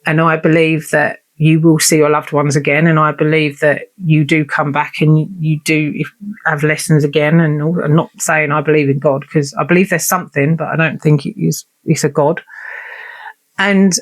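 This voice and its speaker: A woman's voice: low-pitched, level tone, moderate pace. A woman telling a personal story in a vlog, candid and unfiltered, swearing and acting out remembered conversations. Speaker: vlogger.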